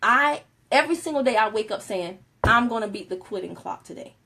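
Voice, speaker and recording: A woman giving a casual motivational talk on a live stream, animated and laughing often, moving between soft and loud. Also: fairly high pitch, fairly quick, vocal fry.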